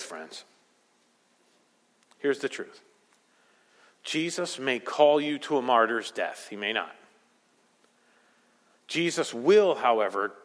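A man preaching a sermon as pastor, emphatic, swinging between loud rising peaks and quiet low asides. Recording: long hall reverb.

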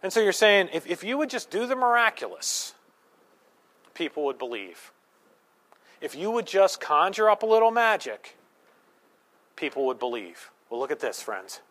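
Guy preaching a sermon, kinda high voice, chatty and jokey, acts out little voices. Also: big pitch swings, moderate pace, long pauses, fairly bright tone. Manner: conversational, playful asides and acted quotes. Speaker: pastor.

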